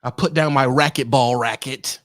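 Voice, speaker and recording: A man's voice: medium pitch, fairly even intonation, normal speed, a bit bright, pitched below the performer's own voice, natural voice. A man voicing a smug, lazy male office dispatcher who talks down to drivers. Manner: condescending, self-satisfied.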